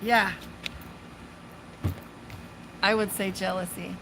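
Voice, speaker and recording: Outdoors by a pool, a Las Vegas psychic and tarot reader hosts a relaxed live-streamed reading, talkative and loose with swear words, occasionally turning to speak to her dog. Her mid-range voice keeps fairly even intonation at a normal speed, over a noisy background.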